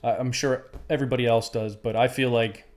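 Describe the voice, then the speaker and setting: A man's voice: mid-range voice, fairly even intonation, fairly quick. A young man co-hosting a podcast, talking casually with heavy swearing and calling his friend dude, self-critical about his work. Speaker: podcast co-host. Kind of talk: casual chat.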